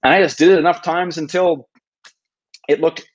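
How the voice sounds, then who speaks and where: A man's voice: a little high, steady tone, normal speed, dull audio, a little hiss or hum. A man in his thirties, a podcast guest telling his story in an earnest, self-deprecating way, often restarting his sentences. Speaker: podcast guest, travel video maker. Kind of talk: casual storytelling interview. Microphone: podcast microphone.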